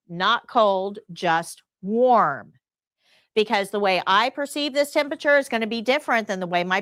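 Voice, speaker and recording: A middle-aged woman leads a live nursing class, her voice pitched a little high and swinging widely as she tells stories with strong emphasis. The sound is dry and close to the mic. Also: dry recording. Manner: storytelling, lively and emphatic. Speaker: nursing instructor.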